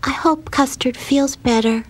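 A woman voicing a shy, dreamy little girl who talks softly and hesitantly in a storybook reading. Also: high-pitched, measured pace, voice pushed up. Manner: soft, timid and hesitant.

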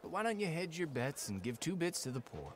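A man's voice: a little high, big pitch swings, brisk, a little hiss or hum. An actor playing a pious male charity collector in a video game, speaking earnestly and politely.

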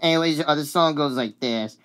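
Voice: medium pitch, fairly quick, fairly bright tone. A sick, coughing video uploader chatting casually about a cartoon song, rambling and hesitant with many fillers and apologies.

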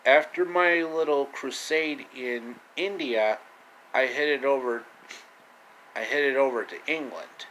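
Bright-voiced man telling a joking story. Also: medium pitch, takes it slowly, a little hiss or hum, low-quality recording. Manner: joking, self-mocking asides. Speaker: vlogger retelling a classic story. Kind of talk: casual comedic storytelling.

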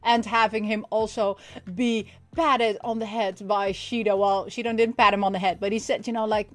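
A woman hosting a casual anime recap and toy unboxing, excitable and often laughing as she acts out lines. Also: medium pitch, normal speed.

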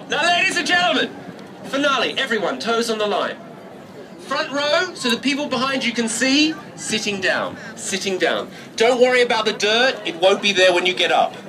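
Loud, high-pitched English street performer. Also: male voice, sing-song, moderate pace. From England. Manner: loud, cheeky, teasing, swears for laughs. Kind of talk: street show patter to a crowd. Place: outdoor city square with a crowd. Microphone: far from the recording camera. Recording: distant voice over loud crowd noise. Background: loud crowd and street ambience.

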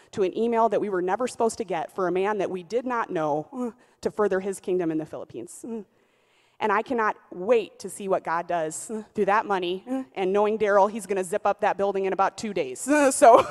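A woman in her thirties, a pastor with a twangy voice, telling a lively testimony in church with lots of fillers. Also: mid-range voice. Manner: animated storytelling, many "uh" fillers. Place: church sanctuary. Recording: long church reverb.

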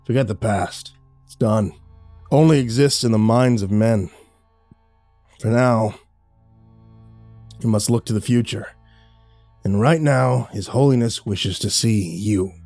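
A man voicing a hushed, fatherly old priest. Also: fairly low pitch, slow, pauses often, no room sound, faint music behind. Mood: soothing. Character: weary older priest, calm and fatherly. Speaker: priest character.

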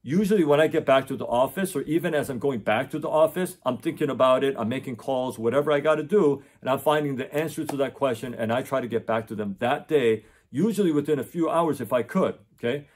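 A middle-aged tutor talks unscripted to his camera indoors, recorded on the camera mic. His voice is medium in pitch with a darkish tone, and he speaks fast with hardly any pauses, full of fillers and restarts.

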